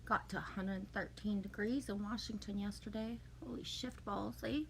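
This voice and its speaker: A woman's voice: medium pitch, steady tone, normal speed, gravelly, slight background noise. A woman hosting a casual livestream, reading out and answering her viewers' comments in a chatty, emotional way. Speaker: livestream host. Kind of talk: casual chat with a live audience.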